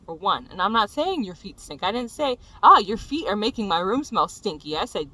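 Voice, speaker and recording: A young adult vlogger telling a venting story in a profane, exasperated rant that builds into shouting. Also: medium pitch, big pitch swings, normal speed, hardly any pauses, no echo, poor audio.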